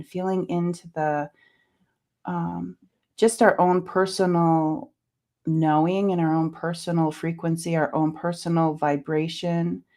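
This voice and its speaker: A woman with a fairly low voice muses slowly about spiritual growth. She speaks hesitantly, with many ums, and clears her throat from a lingering cough. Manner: soft-spoken, musing, many fillers. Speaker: co-host. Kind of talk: reflective spiritual talk.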